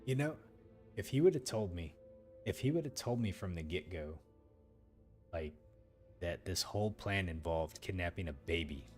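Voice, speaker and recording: A man with a very deep voice talks through a video game as he plays it. He rambles, circles back on himself, and leans on fillers. Quiet game music runs behind him. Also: expressive, normal speed, pauses often. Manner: rambling, loose, heavy with fillers. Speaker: let's play host. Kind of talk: let's play commentary.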